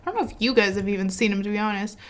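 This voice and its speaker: A woman hosting her own gaming channel, chatting casually over gameplay in an excitable way and laughing often. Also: mid-range voice, rapid-fire.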